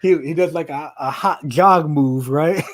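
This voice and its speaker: A man's voice: a little high, measured pace. A man co-hosting a podcast, telling a story among friends, laughing often and acting out quotes. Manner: animated, laughing, acts out quotes in raised voices. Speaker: podcast co-host.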